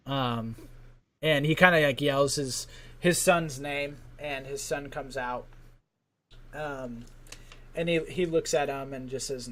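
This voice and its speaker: A man's voice: mid-range voice, slow pace, long pauses, fairly bright tone. A man acting as game master, narrating a tabletop game casually with lots of fillers. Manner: casual, many fillers and likes.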